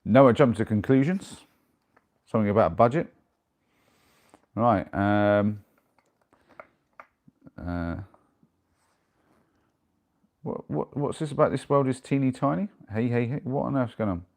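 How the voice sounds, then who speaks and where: A man's voice: medium pitch, lively intonation, measured pace, long pauses, a little mellow. A man chatting casually on a live stream and answering viewer messages as they come in. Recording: noisy with clicks.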